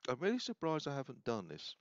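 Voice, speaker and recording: A man casually demonstrating software, rambling and correcting himself as he thinks aloud. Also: mid-range voice, huge pitch swings, fast, no echo. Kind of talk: casual screen-recorded demo. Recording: dull, slightly lo-fi sound.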